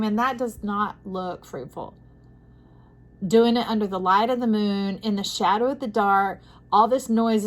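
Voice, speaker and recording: A woman giving an intuitive tarot reading to camera. She talks soothingly, calls the listener "friend", and moves between soft hushes and emphatic bursts. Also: on the high side, low-quality recording. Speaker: tarot reader.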